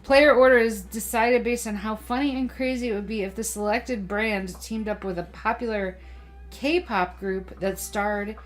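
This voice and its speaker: Female co-host for a gaming stream, deadpan and understated. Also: a little high, a little slow. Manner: dry, understated replies. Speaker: let's play co-host. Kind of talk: casual gaming chat.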